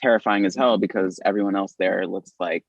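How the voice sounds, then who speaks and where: A man from Philadelphia, a drag performer and podcast guest, telling a story in casual, swearing, animated talk, jumping high in pitch when he acts out quotes. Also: fairly quick, vocal fry, no room sound, dull audio.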